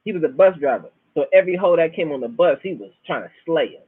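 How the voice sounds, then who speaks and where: Fast and lively, a husky, high-leaning male voice with a Florida Southern accent rambles through a host's monologue packed with profanity, relaxed slang, and storytelling. The recording is dry and tinny, phone-like.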